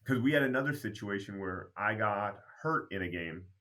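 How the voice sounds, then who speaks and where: A man's voice: fairly low pitch, normal speed. A man from Canada, a basketball program founder, telling stories in a casual interview and acting out remembered dialogue. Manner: animated storyteller who acts out remembered dialogue.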